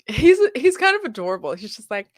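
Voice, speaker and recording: A woman's voice: on the high side, very animated, brisk, no echo, studio quality. Giggly, chatty young woman streamer. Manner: giggly, chatty, full of filler "like". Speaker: streamer reacting to a video. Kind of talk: casual reaction stream.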